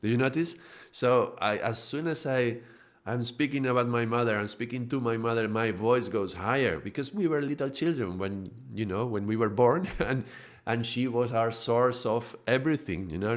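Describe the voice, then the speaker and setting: A male yoga teacher giving a live spiritual talk, explaining calmly and demonstrating points with his own voice. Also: mid-range voice, moderate pace.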